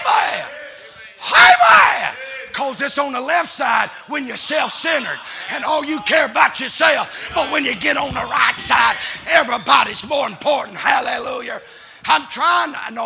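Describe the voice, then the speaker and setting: A middle-aged man, a pastor telling folksy stories that build into shouted preaching. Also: extremely high pitch, very animated, unhurried, creaky, background noise. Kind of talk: sermon.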